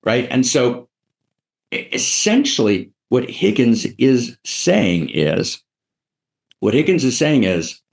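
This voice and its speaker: A man giving a live teaching talk, animated and digressive, with many "you know" and "right" fillers. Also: medium pitch, gravelly. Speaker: teacher of philosophy.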